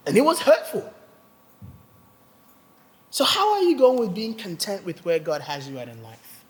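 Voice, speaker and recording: A man's voice: sits high, normal speed, pauses often, long reverb tail. A man preaching a sermon, telling a personal story with humor and acting out the voices of others. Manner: animated, acts out quoted voices, laughs often. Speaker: pastor. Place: church hall.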